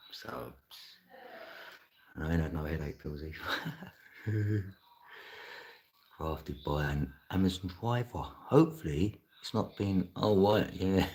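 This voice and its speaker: A man's voice: low voice, gravelly. Laughing, chatty man on a live stream. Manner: laughs often, chatty, slangy. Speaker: livestreamer. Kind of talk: casual live stream chat.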